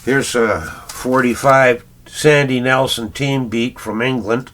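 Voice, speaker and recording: A man's voice: mid-range voice, steady tone, takes it slowly, fairly bright tone. A middle-aged Canadian man, a record collector, chatting in a rambling casual vlog full of fillers and little chuckles.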